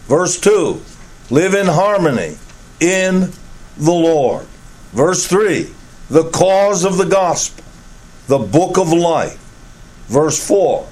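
A man preaching an expository sermon, reading scripture deliberately and repeating key phrases for emphasis. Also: sits high, darkish tone.

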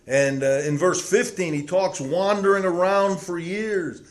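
A man's voice: high-pitched, fairly even intonation, unhurried. Preacher man in an echoey room. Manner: dramatic, acts out quoted prayers, swings between loud and hushed. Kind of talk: sermon. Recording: roomy echo.

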